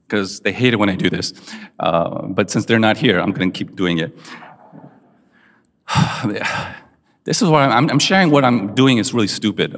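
A man in his forties telling humorous family stories to an audience, animated and self-mocking. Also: lowish voice. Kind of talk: humorous personal storytelling to an audience. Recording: long reverb of a large hall.

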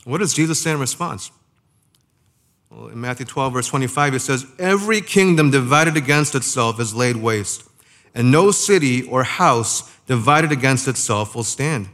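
This pastor's sermon comes in a medium-pitched, somewhat bright voice with lively intonation. Talking conversationally, he asks rhetorical questions and lingers on key phrases for emphasis.

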